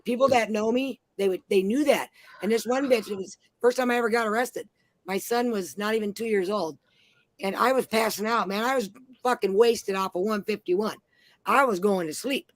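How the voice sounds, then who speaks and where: A woman's voice: mid-range voice, normal speed, no room sound. Brash, profane woman in her forties. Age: 40s. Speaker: panel host. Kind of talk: casual chat, storytelling.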